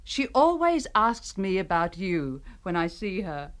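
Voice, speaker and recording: An actress playing a kind, chatty young Australian wife in a scripted radio drama for English learners, speaking slowly and clearly. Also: female voice, medium pitch, big pitch swings.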